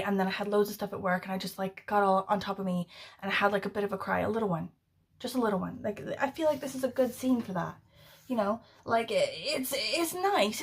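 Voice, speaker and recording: A young adult woman chatting casually in a book vlog, rambling and full of fillers as she retells stories. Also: mid-range voice. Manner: rambling, filler-heavy, animated storytelling. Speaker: book vlogger.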